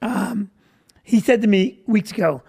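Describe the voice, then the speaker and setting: A man's voice: sits high, unhurried, gravelly, a little mellow, husky. A middle-aged male comedian hosts a casual chat. He tells stories with a wry, self-deprecating humor and an easy conversational flow. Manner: joking, self-deprecating storyteller. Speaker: comedian and host.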